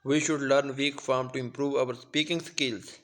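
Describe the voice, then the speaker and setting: A young man from Pakistan giving a class presentation on pronunciation, speaking slowly and carefully, with occasional restarts. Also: medium pitch, fairly even intonation, a bit bright. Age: young adult. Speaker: student presenter.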